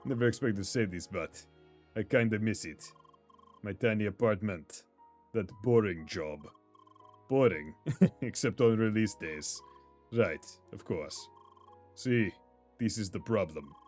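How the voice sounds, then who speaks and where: A man voicing a weary, homesick young gamer, reading game dialogue in a low, subdued way. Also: unhurried, pauses often, darkish tone, faint music behind. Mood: glum.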